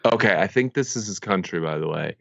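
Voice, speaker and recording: Laid-back swearing podcast host. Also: male voice, low voice, lively intonation, fairly quick, gravelly, fairly bright tone, no room sound, highs cut off. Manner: loose, swearing, laughing storyteller. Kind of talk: casual chat.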